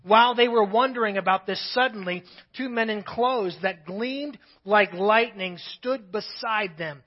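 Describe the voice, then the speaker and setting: A man's voice: high voice, unhurried, highs cut off. A male pastor preaching a sermon, reading scripture aloud and breaking off now and then for his own asides.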